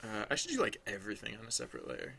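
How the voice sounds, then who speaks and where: A man's voice: lowish voice, wildly swooping pitch, rapid-fire, vocal fry, sharp tone, slight background noise. A man thinking aloud as he draws on a livestream, rambling and hesitant, full of restarts, chatting with viewers. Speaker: livestreaming digital artist.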